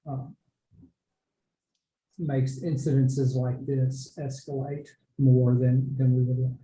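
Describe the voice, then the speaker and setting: A man moderating a church discussion, thanking speakers and speaking in a measured, thoughtful way. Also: mid-range voice, warm tone, echoey room, slight background noise, rough recording.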